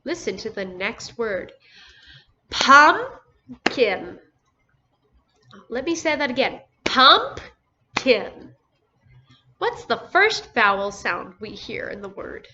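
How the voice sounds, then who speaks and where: A first grade teacher with a bright, higher, sing-song voice gives a recorded phonics lesson for young children. She speaks slowly and patiently, sounding out words syllable by syllable. The recording is dull and lo-fi, with faint noise.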